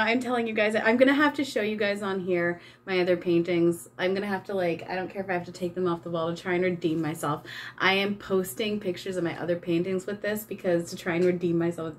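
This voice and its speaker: A woman's voice: medium pitch, a little hiss or hum. A woman chatting casually while she paints, self-mocking and embarrassed, giggling and swearing freely. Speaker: channeler and vlogger.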